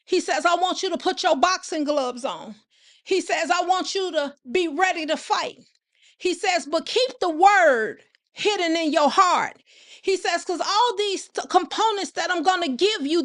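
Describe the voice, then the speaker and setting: Very high-voiced woman preaching slowly. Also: a bit bright. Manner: repeats phrases and asks listeners rhetorical questions; greets viewers by name while preaching. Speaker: host and preacher. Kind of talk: preaching on a live stream.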